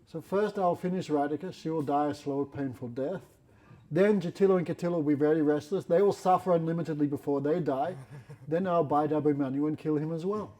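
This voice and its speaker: A man's voice: a little high, brisk, dark tone, close to an everyday voice. A man voicing a cold vengeful serpent. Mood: menacing. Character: mystic male serpent servant of a god, cold and vengeful.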